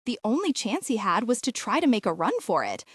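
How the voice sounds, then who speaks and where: A woman narrating a fiction audiobook with expressive storytelling. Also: fairly high pitch, brisk, breathy edge, dry recording, clean studio sound.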